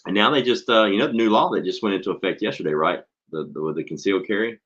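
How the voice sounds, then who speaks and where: A podcast host who is also a schoolteacher tells stories in casual chat, blunt and swearing freely as he animatedly recounts them. His voice is on the low side, fast, and fairly bright, heard through a dull lo-fi recording.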